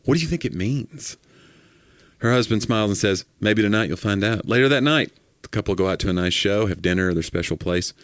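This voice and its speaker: A man with a fairly low voice tells jokes and stories on a podcast in a lively, casual way. He jumps in and out of little character voices for the quotes. The sound is dry and close. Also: brisk, dry recording. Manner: animated joke-telling, acting out voices in quotes. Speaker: podcast co-host. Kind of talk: casual comedic chat.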